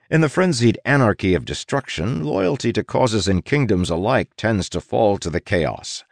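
A man narrating an audiobook in a wry manner, with dramatic pauses and stretched emphasis. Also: mid-range voice, creaky, no echo, clean studio sound. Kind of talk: scripted narration.

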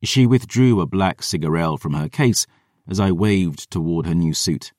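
A man narrating a first-person audiobook in a dramatic, expressive storytelling manner. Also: low voice, normal speed, no echo, studio quality.

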